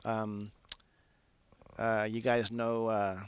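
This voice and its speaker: A man's voice: lowish voice, drawn-out words, clear, resonant tone, dry recording. Easygoing man telling a story. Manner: relaxed, self-deprecating, lots of "uh" fillers. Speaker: aircraft engineer. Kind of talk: casual anecdotal storytelling.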